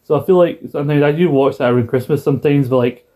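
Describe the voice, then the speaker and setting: A man's voice: fairly high pitch, fast, mellow. A British man co-hosting a podcast in casual chat, rambling and acting out quoted lines in a raised put-on voice. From Britain. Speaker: podcast co-host.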